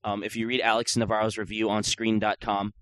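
A man's voice: lowish voice, little pitch movement, fairly quick, a bit bright, no room sound. A man hosting a gaming podcast in casual chat, joking and rambling with lots of filler words. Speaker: podcast host.

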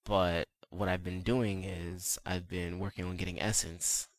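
A man co-hosting a casual gaming podcast, laid-back, with casual swearing and quick asides. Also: low-pitched, little pitch movement, no echo. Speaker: podcast co-host. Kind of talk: casual chat about video games.

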